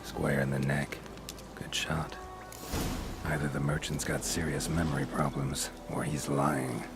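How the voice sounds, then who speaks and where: A grizzled male monster hunter from a video game, speaking in an extremely deep, gravelly rumble. His lines come out clipped and dry, impatient with small talk. Game music plays under the dialogue. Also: level tone, measured pace, full character voice. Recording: game audio with music behind.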